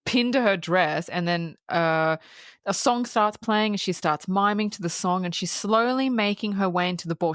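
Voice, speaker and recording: A woman's voice: medium pitch, no room sound, studio quality. Casual woman recapping a film. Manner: animated, swears freely, acts out the characters' lines. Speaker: podcast co-host.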